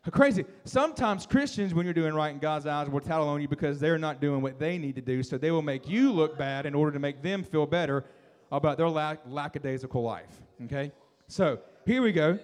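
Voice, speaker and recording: A man's voice: a little high, brisk, big-room sound. A man preaching a sermon in a conversational, emphatic way, acting out quotes as he retells the story. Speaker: pastor.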